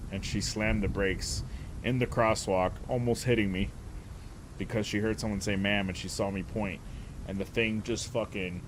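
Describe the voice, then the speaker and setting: A man casually telling a story, animated and profane, often breaking into laughter. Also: on the low side, noisy background. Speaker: streamer.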